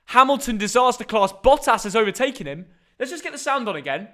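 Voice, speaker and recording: A young man from England hosts a live football reaction stream, chatty and excitable as he banters with viewers at home. His voice is very high-pitched and his pace quick.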